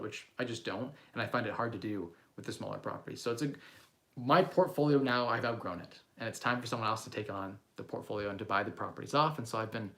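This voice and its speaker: A man's voice: lowish voice, fairly bright tone. A man in his thirties from Canada, casually chatting on a livestream about investing and answering viewer questions in a loose, rambling way with frequent ums and restarts.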